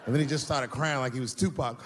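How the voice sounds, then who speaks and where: A man performing stand-up comedy, telling a story and acting out characters in an animated way. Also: fast, heavy background noise. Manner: animated, acts out characters with high-pitched voices. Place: live comedy venue with audience laughter.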